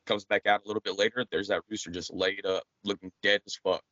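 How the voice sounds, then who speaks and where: A man's voice: sits low, steady tone, fast, bright, forceful tone, no room sound. A man on a podcast telling a long crude farm joke, swearing through the story. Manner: profane storyteller. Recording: dull dry lo-fi podcast audio.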